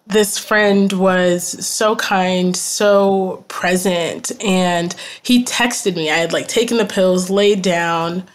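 A woman's voice: lowish voice, fairly even intonation, slow, hardly any pauses. A woman in her thirties, a trauma counselor, telling her personal story as a podcast guest in a reflective, earnest way, often saying "you know" and "like".

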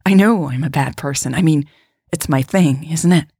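A woman's voice: low-pitched, normal speed, dark tone, breathy edge, no echo. A woman reading a story voices a guarded, self-critical adult woman who speaks dryly and bluntly. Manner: dry, blunt delivery.

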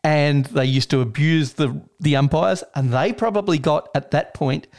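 A man's voice: on the high side, moderate pace. A man with an Australian accent chatting bluntly and matter-of-factly on a casual comedy podcast, swearing freely. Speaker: podcast co-host.

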